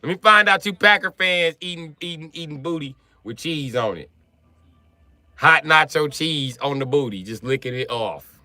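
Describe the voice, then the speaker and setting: A man's voice: a little high, expressive, moderate pace, pushed and bright, dry recording. A man from Wisconsin ranting profanely and mockingly on a livestream. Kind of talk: profane comedic rant on a livestream.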